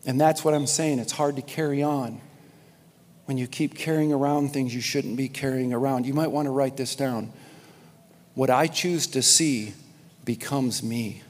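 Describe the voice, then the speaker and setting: The long reverb of a large hall surrounds this church sermon, delivered by a man at normal speed in a medium-pitched, slightly mellow voice with fairly even intonation. He preaches emphatically, repeating key lines and speaking straight to the congregation.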